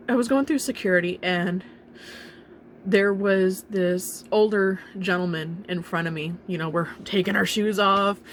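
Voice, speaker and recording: Young woman, personal vlog; emotional, halting delivery with nervous laughs, middle pitch, slight noise behind. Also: a bit bright. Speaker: vlogger telling her own story.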